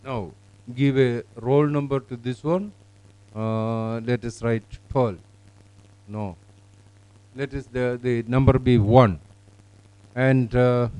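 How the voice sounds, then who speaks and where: Male demo presenter, relaxed mellow voice, explanatory, full of pauses and fillers. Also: medium pitch, clear, resonant tone, rough recording. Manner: explanatory, halting with fillers and restarts. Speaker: software demonstrator. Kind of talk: live classroom software demonstration.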